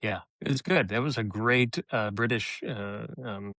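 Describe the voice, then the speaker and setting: A man co-hosting a casual podcast chat, talking in a relaxed, measured way with many fillers. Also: lowish voice, dry recording, clean studio sound. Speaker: co-host.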